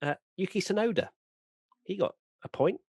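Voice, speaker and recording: A man's voice: high-pitched, moderate pace, husky, no echo, studio quality. A British man hosting a casual podcast chat, leading the talk and teasing his co-hosts. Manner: lively, teasing, leads the grading. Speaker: podcast host.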